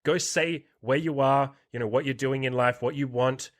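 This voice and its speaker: A man's voice: mid-range voice, fairly even intonation, normal speed. A man hosts a podcast interview, speaking bluntly in a loose, conversational way. He swears often and drives his points home like a motivational coach. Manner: blunt, heavy swearing, pep-talk energy. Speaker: podcast host and dating coach. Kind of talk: casual interview chat.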